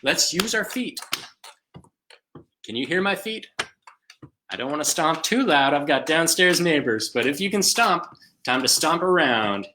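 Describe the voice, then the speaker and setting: A man runs a music class for small children from his home, chanting rhythms and singing simple songs. He talks and sings slowly, in a light, somewhat high voice. A faint background noise sits under the webcam audio. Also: expressive. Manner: sing-song, slow call-and-response chanting and singing. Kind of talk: live online kids' music class. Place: home room.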